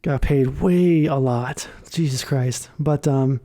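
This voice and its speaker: A man's voice: mid-range voice, slow, dark tone. A young man co-hosting a podcast, chatting loosely and animatedly about football and saying "bro" often. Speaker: podcast co-host. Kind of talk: casual sports chat.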